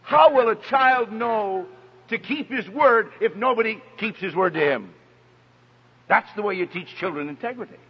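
Male preacher, storytelling, breathy, dull lo-fi hall sound. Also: high-pitched, moderate pace. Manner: emphatic, storytelling, animated. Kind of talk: sermon on parenting. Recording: dull recording in echoey hall.

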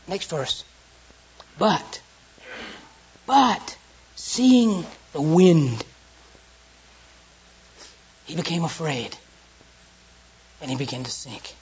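Husky Southern US preacher. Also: mid-range voice, lively intonation, takes it slowly, pauses often. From Southern United States. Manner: storytelling and earnest, with sudden hushed and loud turns. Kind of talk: sermon. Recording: dull lo-fi recording.

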